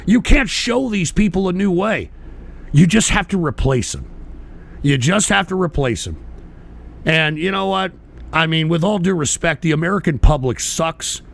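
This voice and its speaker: Gravelly, high-pitched ranting man. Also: expressive, normal speed. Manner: profane, combative, shouting bursts. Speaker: livestream radio show host. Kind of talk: angry ranting commentary, reading chat.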